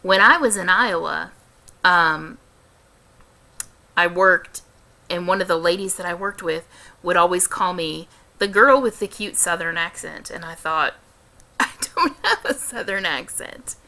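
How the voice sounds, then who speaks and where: Slow, bright-voiced Midwestern woman vlogger. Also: lowish voice. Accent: light American Midwestern. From American Midwest. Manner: careful, deliberate diction with frequent ums and restarts. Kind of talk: casual question-and-answer vlog.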